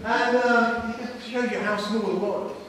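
A man's voice: very high-pitched, normal speed, slight background noise. A middle-aged man giving a public talk, telling a story with jokes and acting out the people in it. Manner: animated, jokey, acts out the people in his stories. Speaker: guest speaker. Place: large school hall. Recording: echoey hall recorded from far off.

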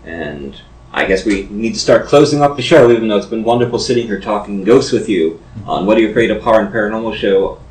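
A man's voice: on the low side, expressive, fast, distant mic. A man hosting a casual interview inside a shop, rambling and digressive as he sets up each clip. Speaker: host. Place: shop, indoors. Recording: roomy, off-mic.

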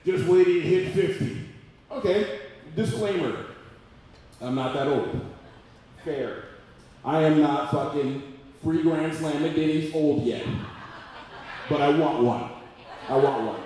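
A man in his forties doing a loud, profane stand-up comedy routine at a live venue. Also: fairly high pitch, expressive, slow, pauses often. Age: 40s. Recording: echoey room, mic far off, audience noise.

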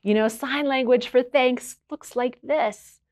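Slow, sing-song storytime reader, woman. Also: high voice, no room sound, clean studio sound. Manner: warm sing-song, slow and clear for children. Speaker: children's librarian. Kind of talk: children's storytime reading.

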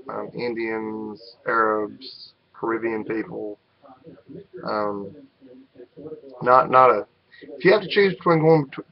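A man's voice: medium pitch, gravelly, dull audio. Rambling Southern man with a North Carolina drawl. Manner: rambling and hesitant, with frequent ums and restarts. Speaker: vlogger. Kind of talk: unscripted monologue to camera.

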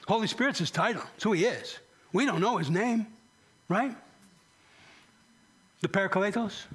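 A man preaching a sermon as pastor, asking the congregation rhetorical questions and sometimes dropping to a whisper. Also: high-pitched.

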